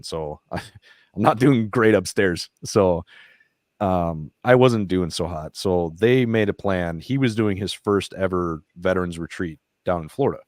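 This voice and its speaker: Deep-voiced veteran telling candid stories. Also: male voice, no room sound, clean studio sound. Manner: profane, emotional, animated retelling. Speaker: veteran nonprofit founder, podcast guest. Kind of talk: casual candid storytelling. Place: podcast studio.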